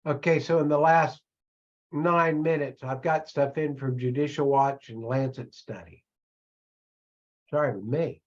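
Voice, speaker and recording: A man coaching an audience in a loose live-streamed talk, animated and self-mocking, often slipping into other voices. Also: on the high side, unhurried, muffled recording. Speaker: online business coach.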